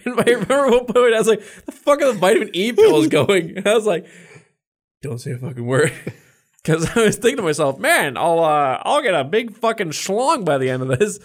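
A man's voice: sits high, big pitch swings, fairly quick. Young man swearing through casual podcast stories. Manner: swears constantly, laughs through his own stories. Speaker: podcast co-host. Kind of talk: casual chat.

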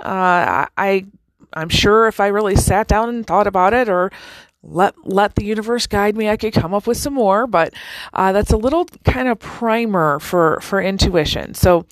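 A woman hosting a casual spiritual talk, chatty and animated, with many fillers and restarts. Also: medium pitch, no room sound, low-quality recording. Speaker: podcast host.

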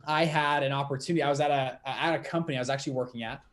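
A young man in his twenties, a podcast guest telling his story in a lively, quick, laughing way. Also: medium pitch. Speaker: podcast guest, fund manager. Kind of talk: casual storytelling interview.

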